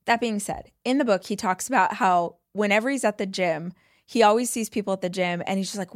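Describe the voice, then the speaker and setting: Woman host in her 30s, casual interview chat, animated and chatty, close dry mic. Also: medium pitch, fairly quick, no echo. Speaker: podcast host.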